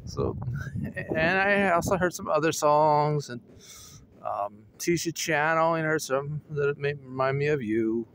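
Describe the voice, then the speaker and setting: A man's voice: on the high side, lively intonation, unhurried, fairly bright tone, slight background noise. A man casually rambling through a story with fillers and chuckles, recorded outdoors on a phone. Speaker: vlogger. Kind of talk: casual chat. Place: outdoors at home while walking a dog.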